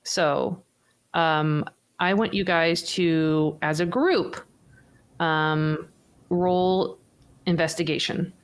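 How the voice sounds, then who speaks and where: Woman GM, slightly low voice, rambles through scenes with many fillers. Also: very slow, long pauses. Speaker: game master. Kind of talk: narrating a tabletop game.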